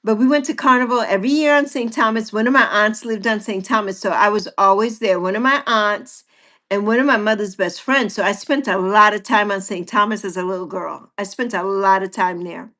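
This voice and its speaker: A woman's voice: mid-range voice, fairly quick, sharp tone. A woman in her sixties hosting a casual livestream chat with viewers, playful and teasing. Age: 60s. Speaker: livestream host.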